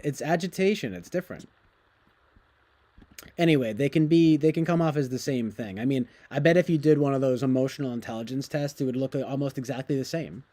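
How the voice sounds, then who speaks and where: Young man, streamer, casual rambling chat, swears a lot, middling pitch. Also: brisk, dark tone. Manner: profane, rambling, laughs often, mimics others.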